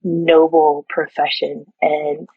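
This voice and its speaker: A middle-aged woman, a surgical technologist and educator, telling stories in a podcast interview in a lively way, laughing and acting out quotes. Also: low-pitched, takes it slowly, breathy edge, no echo, narrow, tinny audio. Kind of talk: animated storytelling in a podcast interview.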